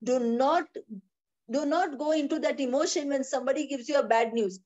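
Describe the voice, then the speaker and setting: Woman, Bible teacher on a video call; high, insistent, repetitive, lo-fi sound. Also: normal speed, darkish tone. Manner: emphatic, repeats phrases, asks rhetorical questions. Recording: dull lo-fi video call audio.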